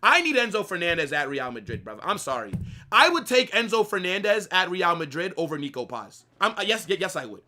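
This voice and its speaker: Bright-voiced young man ranting football. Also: high voice, fairly quick. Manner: animated, opinionated, swears casually, slangy. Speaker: watch-along co-host. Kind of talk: live football watch-along chat.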